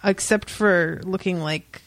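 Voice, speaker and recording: A woman's voice: on the low side, slow pace, dry recording. A young woman co-hosting a casual podcast, retelling a comic story with wry, profane asides and quoted voices. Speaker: podcast co-host. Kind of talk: casual book-club chat.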